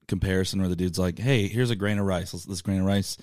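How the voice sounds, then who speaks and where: A man's voice: low-pitched, steady tone, fast, darkish tone, dry recording, studio quality. A man co-hosting a casual comedic chat, talking loosely with lots of fillers and slipping into mock voices.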